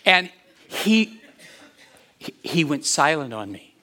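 Animated man preaching a story. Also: on the high side, takes it slowly. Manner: animated, chuckling, repeats words as he tells it. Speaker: pastor. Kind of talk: storytelling sermon.

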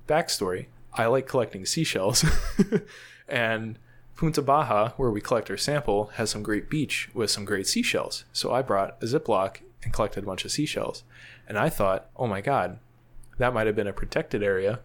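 Low-voiced man telling a rambling story. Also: moderate pace, fairly bright tone. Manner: rambling, laughs often, many fillers. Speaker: guest, field scientist. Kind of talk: casual storytelling in a podcast interview.

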